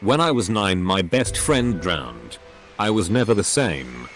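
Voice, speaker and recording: A man's voice: low voice, very animated, unhurried. A man reading forum posts aloud, speaking punctuation marks as words. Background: faint background music.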